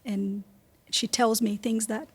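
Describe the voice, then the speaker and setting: A woman's voice: fairly high pitch, steady tone, takes it slowly, darkish tone, husky. A woman from Brazil with a Brazilian accent, chatting as a guest in a casual interview and laughing often. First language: Portuguese. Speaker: guest singer.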